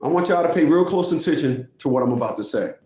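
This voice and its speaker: A man telling a courtroom story as a family court advocate, acting out the other people in the story with high, exaggerated voices and mocking the listener. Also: expressive, fast talker, warm tone. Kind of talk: animated storytelling rant. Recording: echoey room.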